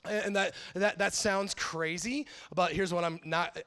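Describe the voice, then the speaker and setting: A man in his thirties preaching a sermon in a church, telling stories in a lively, animated way and acting out quotes. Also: high voice, measured pace, clean tone. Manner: animated storytelling, acts out quotes. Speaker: pastor. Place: church sanctuary. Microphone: handheld or headset mic.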